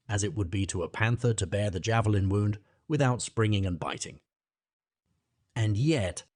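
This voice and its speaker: Low-voiced male audiobook narrator. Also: a little mellow, no room sound, studio quality. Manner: measured, literary reading. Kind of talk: scripted narration of a classic novel.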